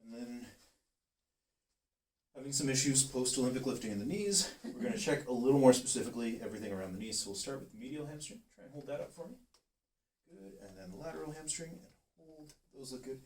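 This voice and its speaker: A man working as a chiropractor, calmly talking a patient through muscle tests and encouraging her step by step. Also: mid-range voice, quick pace. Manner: calm, steady, encouraging coaching. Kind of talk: giving instructions during a treatment session. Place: treatment room. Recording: roomy, distant, faint hiss.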